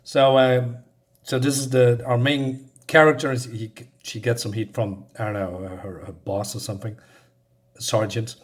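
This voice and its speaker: A man's voice: mid-range voice, steady tone, moderate pace. A man casually walking through a comic book in a review, hesitant with many fillers, and openly enthusiastic about the art and the pacing.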